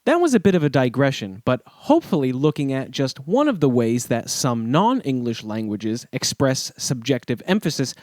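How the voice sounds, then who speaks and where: A man narrates a scripted language lesson in a measured, explanatory way. His pitch moves a lot, rising sharply on the words he stresses. The recording is close and dry, with no room sound. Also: no echo. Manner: measured, explanatory, lively emphasis on key words. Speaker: podcast host.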